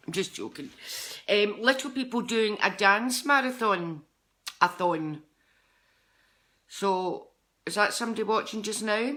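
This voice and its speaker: A middle-aged Scottish woman talks with a bright, forward tone as she chats live with her viewers. She rambles and hops from one thing to the next, her pitch sitting in the middle. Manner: chatty, rambling, jumps between topics. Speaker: psychic medium. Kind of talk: live-streamed chat with viewers.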